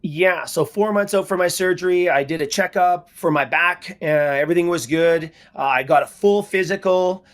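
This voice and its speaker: A man's voice: high voice, normal speed, hardly any pauses. A middle-aged man from Canada, a guest in an interview, telling his story earnestly and repeating words for emphasis. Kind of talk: interview answers.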